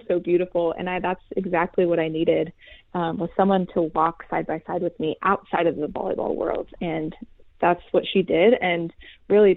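Young female guest, soft and earnest, fry in the voice, dry phone-quality sound. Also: on the low side, dry recording. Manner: soft, earnest, many pauses and fillers. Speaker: guest, former college volleyball player. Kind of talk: heartfelt faith testimony in an interview. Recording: tinny phone-like line.

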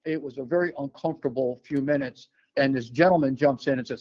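An older man from New York telling a personal story as an interview guest, relaxed, with many fillers and restarts. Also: mid-range voice, fast talker, few pauses, lo-fi sound.

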